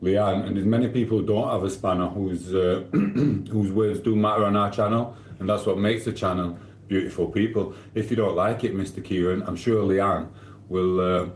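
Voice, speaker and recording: A man's voice: deep voice, steady tone, normal speed, reverberant, slight background noise. A man from Sheffield with a Sheffield accent, live-streaming in casual chat, reading out viewer comments and answering them in a cheeky, rambling way. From Sheffield, England. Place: home living room.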